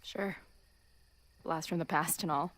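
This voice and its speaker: An actress playing a tired, offhand young woman in a game, speaking low and weary. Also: steady tone, a little slow, fairly bright tone. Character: tired, blunt young woman back from the dead. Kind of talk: game character dialogue.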